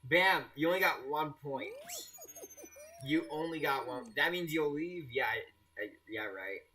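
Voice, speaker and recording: A man's voice: on the high side, animated, a little slow, bright, forceful tone. A young man streaming a game live, chatting casually and teasing his viewers. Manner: playful, teasing, restarts often, laughs at chat.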